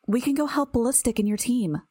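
A woman's voice: on the high side, expressive, fairly quick, dark tone, breathy edge, no room sound, pitched above the performer's own voice. A woman voicing an earnest, worried young woman who speaks eagerly, in an audiobook reading.

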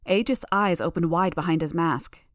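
Steady, lower-voiced woman audiobook reader. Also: normal speed, no echo, studio quality. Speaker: audiobook narrator. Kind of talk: first-person audiobook narration.

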